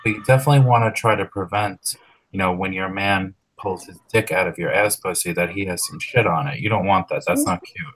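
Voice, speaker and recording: A man's voice: low voice, a little fast, fairly bright tone, breathy edge. A man, a guest on a live stream, giving frank, matter-of-fact advice with plenty of fillers. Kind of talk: casual live stream chat.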